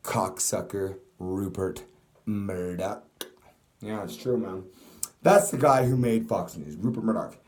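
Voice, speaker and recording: A man's voice: on the low side, lively intonation, normal speed, a little mellow. A young man delivering an angry, profane political rant to camera, swearing constantly. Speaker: vlogger. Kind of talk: ranting political monologue.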